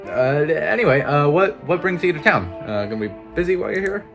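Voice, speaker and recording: A man's voice: fairly high pitch, big pitch swings, fast talker, gravelly, music in the background, voice pushed up. A man voicing a flustered young goth woman who stammers nervously.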